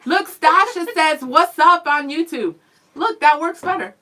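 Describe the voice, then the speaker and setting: A young woman co-hosting a radio show, chatting casually and reading viewer comments aloud in a lively way. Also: high voice, measured pace, low-quality recording. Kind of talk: casual live-stream chat.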